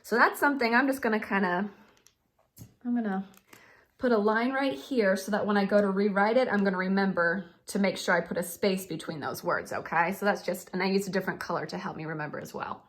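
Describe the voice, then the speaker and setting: A woman's voice: mid-range voice, a little fast. A woman teaching young children to write sentences, patient and sing-song, calling them friends. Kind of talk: children's writing lesson.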